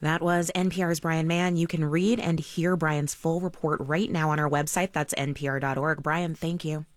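A woman hosting radio news, asking a question and wrapping up the segment in a crisp, professional way. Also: low voice, fairly even intonation, moderate pace, no echo, clean studio sound.

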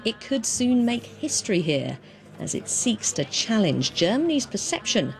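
A woman news reporter giving a scripted report with a clear, measured delivery. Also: on the high side, sing-song.

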